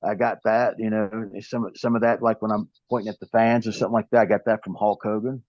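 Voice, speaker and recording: Here the same kind of speaker, a fiftysomething Southern wrestler, talks fast in a fairly low, slightly mellow voice with little pitch movement. He tells meandering stories full of restarts during a relaxed interview. There's no echo; the sound is dry, dull and lo-fi.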